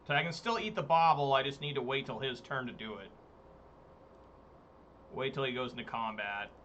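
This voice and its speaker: A man's voice: mid-range voice, moderate pace, a bit bright, lo-fi sound, a little hiss or hum. A man streaming a card game, giving casual, exasperated commentary, swearing and talking to his chat. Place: home room, hot day.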